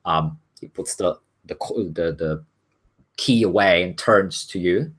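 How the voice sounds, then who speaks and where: Husky-voiced man running a tabletop game. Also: low-pitched, measured pace. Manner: casual, many ums and self-corrections. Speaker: game master.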